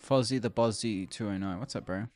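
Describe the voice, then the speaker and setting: A man's voice: lowish voice, brisk, darkish tone. A young Australian man chatting loosely on a live stream, rambling, laughing often and greeting viewers by name. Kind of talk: casual live-stream chat. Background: faint background music.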